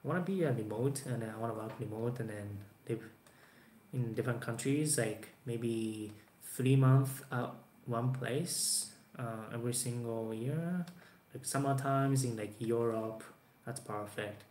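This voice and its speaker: At a measured pace and with a darkish mid-range voice, a Japanese vlogger in his 20s, Japanese being his first language, chats to camera about viewers' questions. He meanders through plenty of fillers and restarts, recorded in an echoey room with faint background noise.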